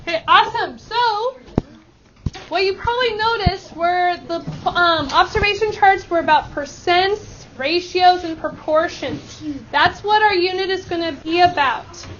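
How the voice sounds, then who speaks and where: A woman math teacher leading a lesson with brisk, upbeat instructions and call-and-response countdowns. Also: extremely high pitch, fairly bright tone, a little hiss or hum. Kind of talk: classroom instruction. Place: school classroom. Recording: dull lo-fi classroom recording with student chatter.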